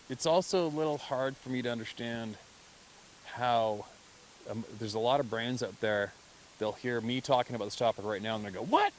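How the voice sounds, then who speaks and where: Animated man who laughs as he talks. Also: medium pitch, a little hiss or hum. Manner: animated, laughs often, acts out other people's reactions. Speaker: hunter telling encounter stories. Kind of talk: casual monologue.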